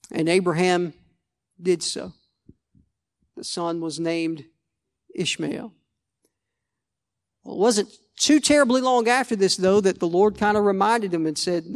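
A man's voice: high voice, normal speed. A male pastor preaching a sermon, conversational, restarting phrases and asking the congregation "Amen?".

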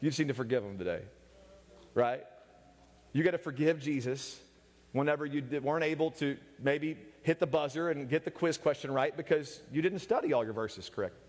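A man's voice: on the high side, brisk, a little mellow. A man preaching a humorous sermon, joking and teasing his listeners and laughing often as he goes. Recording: echoey hall with long reverb.

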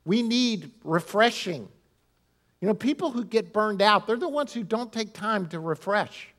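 A middle-aged male pastor preaching a sermon in an animated, humorous way, with laughs and asides to the congregation. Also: high-pitched, measured pace.

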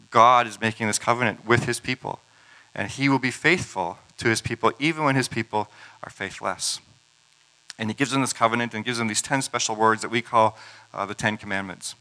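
Bright-voiced male preacher telling stories. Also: medium pitch, poor audio. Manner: conversational storytelling with casual asides. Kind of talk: sermon retelling scripture stories.

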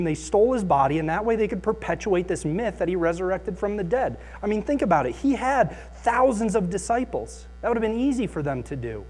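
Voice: mid-range voice, darkish tone. Skeptical firefighter coworker, dismissive and argumentative, put on by a preacher. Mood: scoffing.

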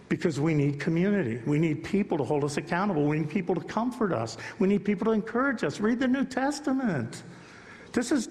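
A man's voice: high voice, long reverb tail. A male pastor giving a sermon in a church, preaching emphatically and chatting with the congregation in asides. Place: church sanctuary.

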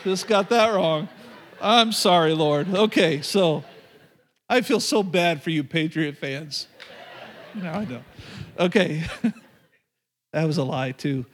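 A man with a high voice preaches to a congregation, swinging between earnest exhortation and playful jokes. He slows right down to stress key lines, then rattles off quick asides to the room. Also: slight background noise. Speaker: pastor. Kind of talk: sermon. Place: church before a live congregation.

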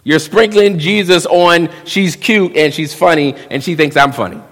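A man, preaching a sermon, swinging between hushed asides and loud emphasis and acting out quick quotes. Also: a little high. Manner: drops into quick voiced quotes of young men. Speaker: pastor. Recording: long reverb of a church hall.

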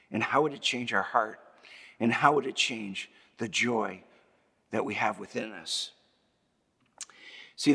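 Man, pastor, sermon, raspy gravelly voice, emphatic repetition, church hall reverb. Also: medium pitch, a bit bright. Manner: rhetorical questions, emphatic repetition.

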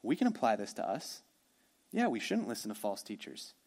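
A male pastor preaching a sermon in a conversational way, swinging from emphatic lines to hushed ones. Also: lowish voice, wildly swooping pitch, normal speed.

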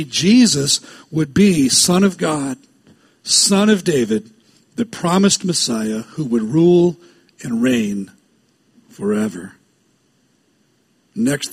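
A man preaching a sermon as a pastor, reading scripture aloud with slow, stressed phrasing and breaking off into quick asides. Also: a little high, slightly rough.

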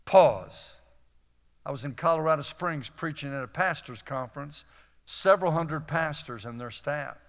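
A man preaching to a live audience, telling folksy stories with a Southern "y'all" and lively, animated delivery. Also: a little high, normal speed, long reverb tail. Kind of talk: storytelling sermon.

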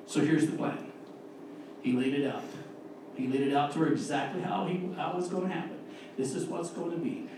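A man preaching an earnest, emphatic sermon and reading scripture, slowing down to stress key words, recorded from a distance in a church. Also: a little high, fairly even intonation, very echoey, background noise. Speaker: lay preacher. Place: church sanctuary.

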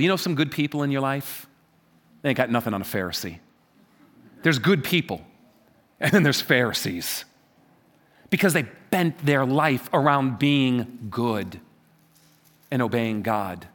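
A man preaching a sermon from a church stage, emphatic and repetitive, swinging between loud stresses and quiet asides. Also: animated, moderate pace, long pauses. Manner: emphatic, repeats phrases, wide swings in pitch and loudness. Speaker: pastor.

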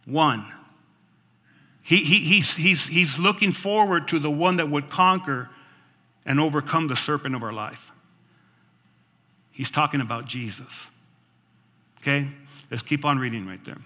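High, bright-voiced preacher in a reverberant hall. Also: male voice, normal speed, long pauses. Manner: expressive, asks the congregation "Amen?" and "right?". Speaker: pastor. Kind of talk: sermon, reading scripture with commentary. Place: church sanctuary.

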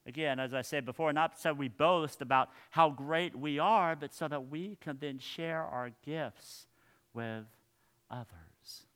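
A male pastor preaching a sermon in a church, earnest, his phrases trailing off softly at the ends. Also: on the high side, measured pace, clean tone.

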